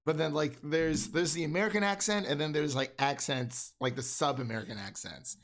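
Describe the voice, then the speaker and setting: A man's voice: fairly high pitch, a little fast, fairly bright tone. Rambling man in casual film chat. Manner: rambling, many fillers and restarts. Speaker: podcast co-host.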